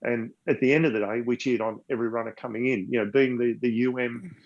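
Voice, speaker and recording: An older man with an Australian accent tells his story casually, stumbling over repeated words and sometimes getting emotional. His voice has a gravelly edge at a middling pitch. The recording sounds dull and lo-fi. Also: steady tone, quick pace. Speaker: podcast guest, triathlete.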